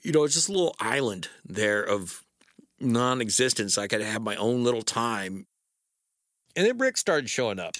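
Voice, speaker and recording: A man's voice: mid-range voice, sing-song, a bit bright, no room sound. Wry man telling a personal story. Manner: wry, conversational, halting with fillers.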